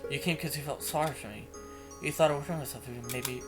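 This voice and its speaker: A man's voice: mid-range voice, natural voice. A man voicing a shy, troubled bookish girl. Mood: sad. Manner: hesitant, halting, soft-spoken. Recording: music playing underneath. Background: music.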